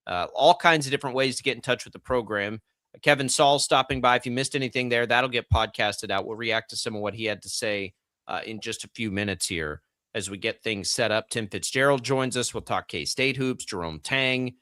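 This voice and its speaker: A man's voice: mid-range voice, a little fast, bright, forceful tone, no echo, clean studio sound. A young man from Texas hosting sports radio, chatting casually with lots of fillers and self-deprecating asides. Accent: General American, trained out a Texas twang. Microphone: studio broadcast mic.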